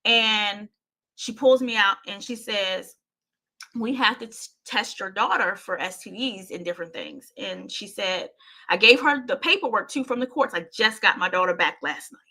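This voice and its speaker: A woman with a mid-range voice, speaking at normal speed in a pushed, bright tone. She's an adult parent hosting her own show, telling a painful personal story with intensity, often repeating herself and addressing her listeners directly.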